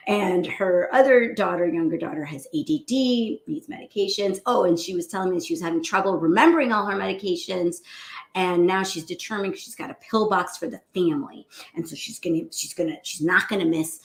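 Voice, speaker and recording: Animated storytelling woman doctor, gravelly edge. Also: on the low side, brisk, reverberant. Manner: animated storytelling, acting out her patient's voice. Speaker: cardiologist. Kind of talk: casual morning talk to a group.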